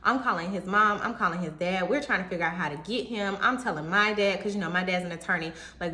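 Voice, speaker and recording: A young woman telling a personal story to her viewers in a casual, animated way, talking straight to them. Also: mid-range voice, brisk. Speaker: vlogger. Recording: roomy echo.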